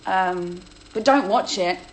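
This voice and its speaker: A woman, chatting casually on a phone livestream, reading out viewer questions and answering them with a self-deprecating, quick-to-laugh manner. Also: mid-range voice, a little hiss or hum, poor audio. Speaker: host of a livestream Q&A.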